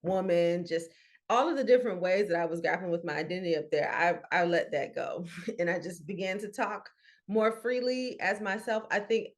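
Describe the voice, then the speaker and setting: This podcast co-host, an Atlanta woman with a Southern US accent, tells a lively story in casual fashion, breaking into laughter often. Her pitch is fairly low and her speed normal.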